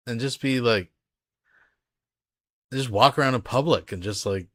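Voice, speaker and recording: A man's voice: medium pitch, lively intonation, moderate pace, pauses often, pushed and bright, no room sound, clean studio sound. A man sarcastically reacting to a video, incredulous and mocking. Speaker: commentator reacting to a clip.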